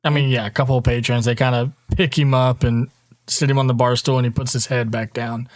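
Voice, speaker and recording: A man running a tabletop role-playing game as game master, narrating scenes in an easygoing, even way. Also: medium pitch, brisk, no room sound.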